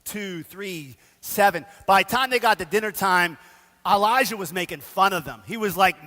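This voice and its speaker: A man preaching a sermon, telling the story in a casual, animated way with slang. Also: high-pitched, moderate pace, in a large hall. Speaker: pastor. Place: church sanctuary.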